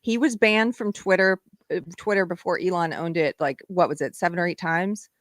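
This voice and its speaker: A woman's voice: fairly low pitch, normal speed, dry recording, clean studio sound. A woman hosting a live online show, chatting casually and laughing often as she tells stories. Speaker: host. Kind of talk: casual live-stream chat.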